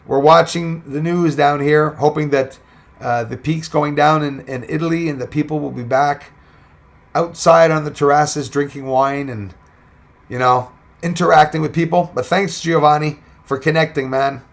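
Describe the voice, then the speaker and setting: Gravelly livestream host with lilt. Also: male voice, a little high, fairly even intonation, normal speed. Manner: rambling, reads viewer comments aloud and greets them. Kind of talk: casual livestream chat.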